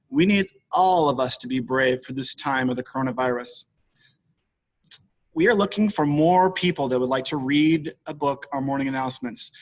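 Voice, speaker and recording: A man's voice: on the high side, rough recording. A man giving school morning announcements, upbeat and instructive.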